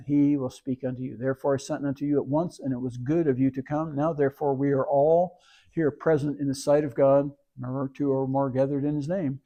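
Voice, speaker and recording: A man leads a religious service, reading scripture aloud and then teaching Hebrew words letter by letter. His voice is warm and mellow, sitting at a middle pitch. He explains patiently, breaking each word into its sounds.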